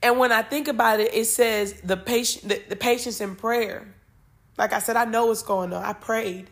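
A woman's voice: fairly high pitch, fairly even intonation, moderate pace. A woman, reading Bible verses and talking emotionally and informally, swearing freely, on her spiritual podcast.

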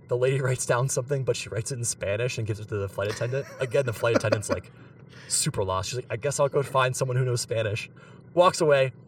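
A man's voice: mid-range voice, slight background noise. Young guy from pittsburgh rambling through a funny story, laughs a lot, bit far from the mic. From Pittsburgh, USA. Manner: animated, laughs mid-story, many fillers. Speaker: podcast co-host. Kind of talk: casual storytelling.

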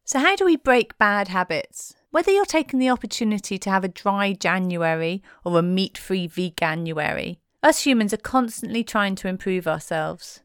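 A woman's voice: medium pitch, animated, moderate pace, few pauses, clear, resonant tone, no room sound, studio quality. A woman presenting in a playful, cheeky tone, reading a scripted narration.

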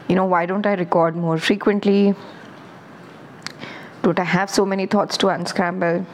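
A woman's voice: mid-range voice, slight background noise, rough recording. A woman hosting her own podcast, talking on her own in a candid, rambling, self-reflective way. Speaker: podcast host. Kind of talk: casual solo podcast monologue.

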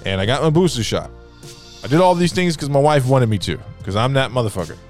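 A man's voice: medium pitch, animated, fast talker, darkish tone, faint music behind. A man co-hosting a podcast in casual chat, joking, laughing often and swearing. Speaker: podcast co-host.

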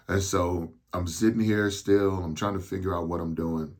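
A man in his thirties, hosting a podcast, tells a personal story slowly and haltingly because he is on medication, with frequent restarts. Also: low-pitched, fairly even intonation. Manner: slow, halting delivery with restarts. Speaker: podcast host.

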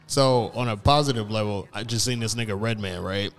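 A man chatting casually with friends, telling animated slang-filled stories and acting out other people's voices. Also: lowish voice, a little fast. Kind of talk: casual chat, storytelling.

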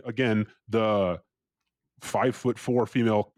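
There's no echo on this fairly low, fairly quick voice of a young man from California guesting on a podcast. Swearing liberally, he tells a casual story and brings quoted people to life with acted-out voices.

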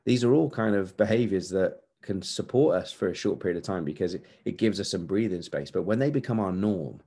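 A man in his forties talks straight to his podcast listeners in a low, dark, mellow voice. He is earnest and candid, and he hammers points home with repeated phrases. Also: lively intonation, brisk, slightly rough. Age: 40s. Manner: earnest, candid, repetitive emphasis. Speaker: podcast host. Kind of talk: motivational podcast monologue.

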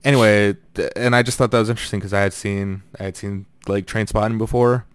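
Casual podcast co-host: American man, lowish smooth voice, dry close sound, rambling delivery. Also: steady tone, fast talker, no room sound. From United States. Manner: rambling, many fillers and restarts. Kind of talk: casual chat.

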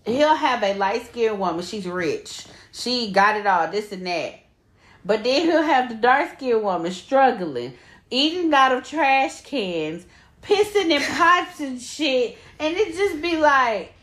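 Animated, profane young woman in an echoey room. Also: on the high side, slow pace. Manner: animated, profane, laughs often. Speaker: podcast co-host. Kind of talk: casual podcast chat.

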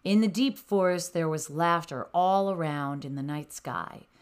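A woman narrating a children's bedtime story in a gentle, expressive way. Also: sits low, measured pace, clear, resonant tone.

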